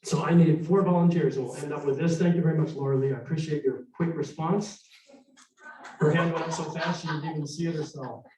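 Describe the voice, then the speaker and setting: A middle-aged man telling history live to an audience, animated and conversational, acting out voices. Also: on the high side, a little fast. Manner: animated, conversational, acts out dialogue. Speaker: historical storyteller. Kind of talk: live storytelling presentation. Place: arts center hall. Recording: echoey hall, distant mic.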